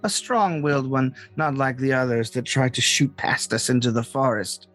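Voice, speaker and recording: A man voicing a hag in a patchwork robe who gloats in drawn-out words. He plays her in a tabletop game. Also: medium pitch, a bit bright, soft background music, natural voice. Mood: gloating.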